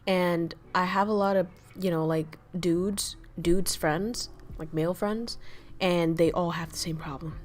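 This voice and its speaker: A woman's voice: fairly low pitch, slight background noise. Woman, VTuber streamer, casual livestream chat, profane, blunt, ranting, reading chat. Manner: reads and answers chat messages.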